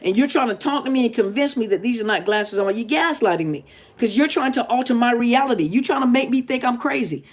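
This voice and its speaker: A woman's voice: on the high side, lively intonation, quick pace. A middle-aged woman, a therapist hosting a live Q&A, talking casually and emphatically and repeating her points straight to viewers. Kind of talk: casual live-stream talk.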